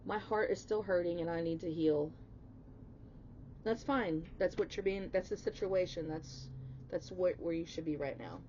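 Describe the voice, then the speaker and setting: A woman's voice: fairly low pitch, normal speed, a little mellow, highs cut off, a little hiss or hum. A woman giving a casual spoken tarot reading, emphatic and chatty, swearing bluntly and swinging into emotional outbursts. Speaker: tarot reader.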